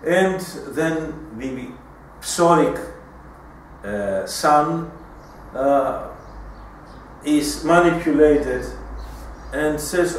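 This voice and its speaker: A man giving a lecture in a deliberate style, often restarting his sentences. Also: on the high side, a little hiss or hum. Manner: deliberate, with frequent restarts and fillers. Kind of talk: recorded lecture. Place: lecture room. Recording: echoey room, mic far off.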